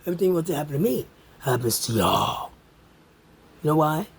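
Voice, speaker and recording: A woman with a husky, breathy voice rants straight at the camera, swinging her pitch up and down as she taunts and curses someone. Her delivery is confrontational and profane. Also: very animated, fairly quick. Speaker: vlogger. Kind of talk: angry direct-to-camera rant.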